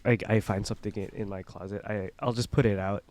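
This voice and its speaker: Halting hesitant podcast guy. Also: fairly low pitch, fairly even intonation, darkish tone. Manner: hesitant, halting, many restarts. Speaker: podcast co-host. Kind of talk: casual chat.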